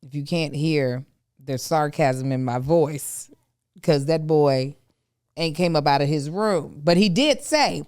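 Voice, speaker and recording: A middle-aged woman co-hosting a podcast, chatting casually with an animated, teasing manner. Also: low-pitched, slow pace, no room sound, clean studio sound. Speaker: podcast co-host. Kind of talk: casual chat.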